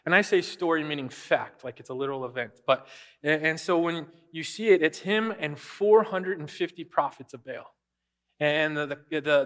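A man preaching a sermon, telling a Bible story in a lively, conversational way and acting out quoted voices. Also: fairly high pitch. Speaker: pastor.

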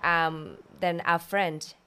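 A woman co-hosting a podcast, telling a story in a relaxed, easygoing way. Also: on the low side, very slow, clear, resonant tone. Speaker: podcast co-host, caterer. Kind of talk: casual chat.

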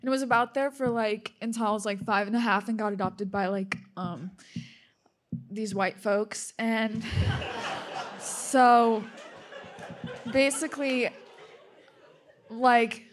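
A woman's voice: on the high side, fairly even intonation, some chatter behind. Nervous young woman, Russian-born. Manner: nervous and halting, with apologies and nervous laughter. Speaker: person sharing a testimony. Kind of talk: personal testimony to a group.

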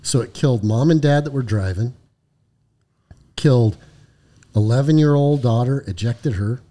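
Mellow-voiced man telling a war story. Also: mid-range voice, moderate pace. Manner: profane, frequent "right?" tag questions. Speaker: podcast co-host, former highway patrol lieutenant. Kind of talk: casual spoken storytelling.

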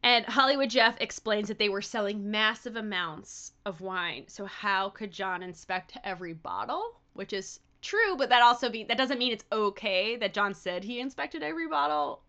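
Bright, animated woman telling a story. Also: medium pitch, normal speed, few pauses, dull audio. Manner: animated, profane, breaks into laughter. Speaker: podcast host. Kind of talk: casual storytelling chat.

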